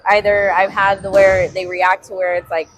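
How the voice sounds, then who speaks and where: A woman talking candidly in a casual conversation, halting and full of fillers, over light background noise. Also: mid-range voice, little pitch movement, low-quality recording.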